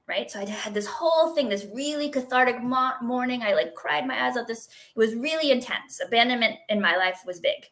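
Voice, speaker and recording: A middle-aged woman speaks as an interview guest, her voice bright and a little high. She talks in a chatty, animated way, full of fillers and quick laughs. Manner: chatty, expressive, lots of "like" and laughs. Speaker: guest sharing a healing story. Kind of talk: casual interview conversation.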